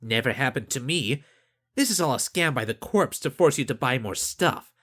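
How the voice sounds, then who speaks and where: Guy doing a blunt young spacer woman, skeptical, voice jumps up high and swings around a lot. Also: expressive, normal speed, a bit bright. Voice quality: raised, lighter pitch.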